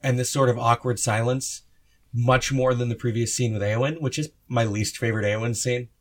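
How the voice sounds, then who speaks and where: A man in casual podcast talk about films, offering relaxed, matter-of-fact opinions. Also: mid-range voice, moderate pace. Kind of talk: casual film discussion.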